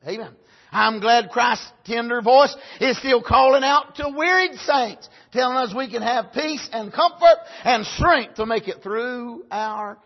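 A male preacher delivering a sermon, punctuating it with amens and swinging from loud cries to soft, low passages. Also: husky, highs cut off.

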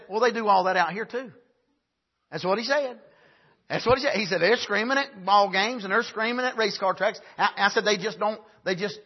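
A man preaching a sermon at a camp meeting, punctuating with frequent "amen" and building up to shouts. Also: sits high, husky, muffled recording.

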